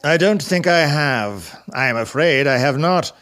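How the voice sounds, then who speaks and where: A man's voice: on the high side, animated, unhurried, a bit bright. A man voicing a stern old miser who has become humble and earnest.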